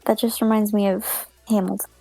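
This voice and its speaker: A woman's voice: medium pitch, flat delivery, brisk, gravelly, mellow, dry recording, soft background music, low-quality recording. A woman joining a livestream as a player. She chats eagerly and trails off mid-phrase. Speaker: guest player. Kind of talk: casual stream chat.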